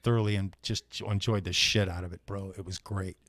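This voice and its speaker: A man's voice: low-pitched, fairly even intonation, a little fast, a bit bright, no room sound. A man hosting a casual live show, greeting viewers one by one in a laid-back, friendly way and sounding worn out from hard physical work. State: worn out from heavy physical labor.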